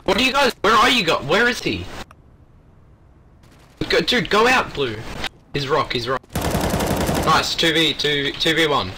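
A young man chatting with friends over a shooter game, his voice swinging widely in pitch as he barks rapid callouts and shouts orders. Gunfire from the game rattles clearly behind him. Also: lively intonation, background noise. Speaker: gamer calling plays to his team. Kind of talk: casual gaming voice chat.

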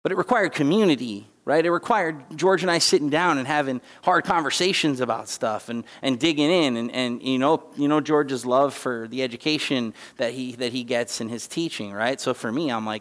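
Barely pausing, a man with a medium-pitched, fairly bright voice speaks at normal speed as the guest preacher in a church sanctuary. Though holding back tears, he stays conversational and emphatic, slipping in asides and restarts, and the sound has church hall reverb.

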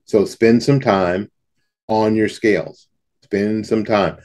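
A man's voice: lowish voice, steady tone, takes it slowly, darkish tone. A man teaching saxophone students in a casual, folksy talk to camera, often repeating himself and scatting rhythms aloud. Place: home studio in front of a backdrop.

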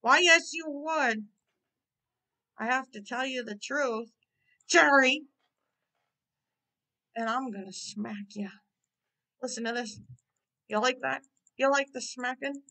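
A woman voicing a grumpy, quick-tempered bald male math teacher in his forties, indignant and threatening. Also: high voice, sharp tone, full character voice, low-quality recording. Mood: scolding.

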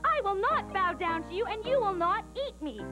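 A woman's voice: extremely high pitch, animated, moderate pace, music in the background, low-quality recording. A storyteller voicing a small, bold male mouse who stands up to a lion.

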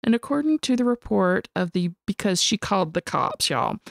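A woman co-hosting a podcast, telling a story in an animated, casual way and swearing freely. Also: medium pitch, normal speed, vocal fry, no echo, studio quality. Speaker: podcast co-host.

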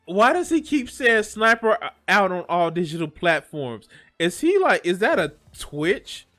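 A man's voice: sits high, sing-song, a little slow, sharp tone, faint music behind. A man reacting to a video as a streamer, rambling and swearing with lots of restarts and jokes. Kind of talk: reaction commentary.

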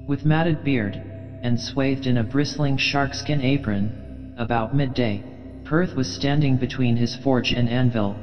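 Male narrator, slow measured reading, long reverb, faint music. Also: mid-range voice, lo-fi sound. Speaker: audiobook narrator. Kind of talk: scripted narration of a classic novel.

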